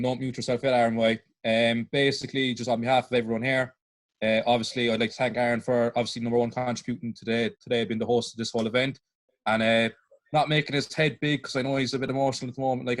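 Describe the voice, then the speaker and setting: A young man with a Cork Irish accent thanks his friend with casual teasing and the local "boy." He talks fast in an even, flat pitch. His voice sounds dry and close to the mic. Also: no echo. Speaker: students' union officer. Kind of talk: casual thanks on a video call.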